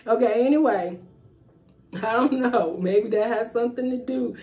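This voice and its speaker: A woman's voice: on the high side, normal speed, a little mellow. A woman giving a casual, rambling tarot reading, thinking aloud with fillers and trailing thoughts. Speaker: tarot reader.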